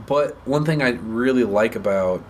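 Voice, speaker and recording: A man's voice: mid-range voice, moderate pace, darkish tone, slight background noise. A man chatting casually while he plays a video game; he is blunt and swears freely. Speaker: co-host playing the game. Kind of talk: casual gaming chat.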